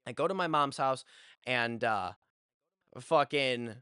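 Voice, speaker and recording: A man's voice: medium pitch, takes it slowly, pushed and bright, clean tone, no room sound, clean studio sound. A young man telling a story to his vlog audience in a casual, rambling way, swearing freely. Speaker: vlogger. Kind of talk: story time.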